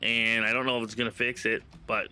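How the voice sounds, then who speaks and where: A man from Canada streaming games, chatting casually and telling stories in an animated, profane way. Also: medium pitch, fairly quick, clean tone. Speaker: game streamer. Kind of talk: casual live-stream chat.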